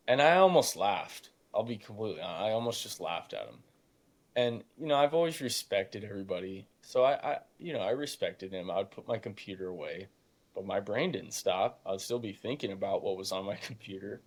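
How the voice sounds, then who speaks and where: A man's voice: lowish voice, a little fast. An eighteen-year-old man, a podcast guest, telling stories in casual talk, mocking the people he quotes and saying "dude" a lot. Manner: animated storytelling, mocking quoted voices, says dude. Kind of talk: casual interview chat.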